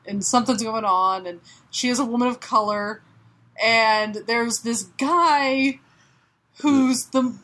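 A woman co-hosting a podcast, retelling a comic book in a sarcastic, profane, animated way. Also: a little high, slow pace. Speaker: podcast co-host. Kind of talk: casual comic book chat.

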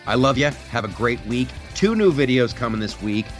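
A man's voice: medium pitch, very animated, moderate pace, soft background music. A man hosting a podcast, chatting casually and telling a rambling story with lots of restarts. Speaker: podcast host.

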